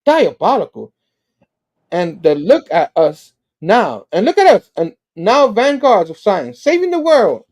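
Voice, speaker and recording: A man's voice: high-pitched, very animated, measured pace, a little mellow, highs cut off, voice pushed up, exaggerated voice. A man reading as a gushing boastful scientist. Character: adult male scientist, boastful old school friend.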